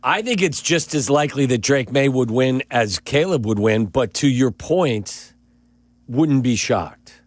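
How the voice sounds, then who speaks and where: Guy hosting sports talk radio, teasing his cohosts, mid pitch, dead dry booth sound. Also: measured pace, no echo. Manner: teasing, animated, pushes back on co-hosts.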